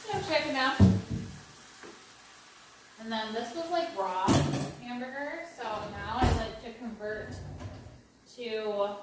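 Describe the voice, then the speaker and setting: A woman's voice: on the high side, takes it slowly, long pauses. A woman hosting a casual cooking vlog in her home kitchen, chatty and rambling, poking fun at herself as she cooks. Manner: chatty, rambling, self-deprecating. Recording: very echoey room, mic far off, noisy.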